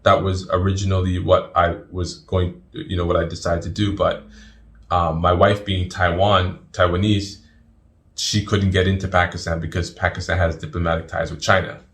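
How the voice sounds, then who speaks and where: A middle-aged man, a guest in an interview, telling his story in an animated way and often repeating words. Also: deep voice, moderate pace.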